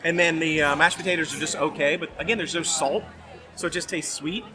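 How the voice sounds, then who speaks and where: A man's voice: on the high side, fairly even intonation, fairly quick, a crowd in the background. A man vlogging casually outdoors as he tastes food, rambling and hesitant with many fillers. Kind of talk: casual food-tasting chat. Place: outdoor festival.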